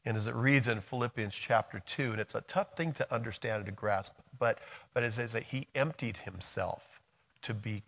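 A middle-aged American man preaching a sermon, moving between quiet, soft passages and loud, emphatic storytelling. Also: fairly low pitch, moderate pace, creaky. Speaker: pastor.

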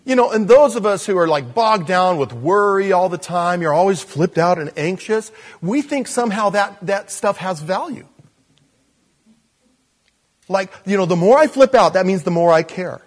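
A male pastor delivers a sermon in a notably high voice. He preaches in an animated, self-deprecating way, chuckling now and then and acting out the voices of the people he quotes. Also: moderate pace.

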